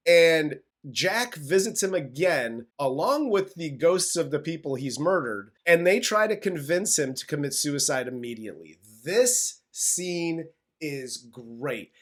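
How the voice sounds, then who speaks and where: Lively, excitable man recapping a film. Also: fairly high pitch, measured pace. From United States. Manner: excitable, profane, recapping the plot. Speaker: film review co-host. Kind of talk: casual chat.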